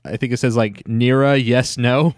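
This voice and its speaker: A man co-hosting a podcast, adding wry comments in relaxed casual chat. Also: mid-range voice, moderate pace, no room sound, clean studio sound. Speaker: podcast co-host.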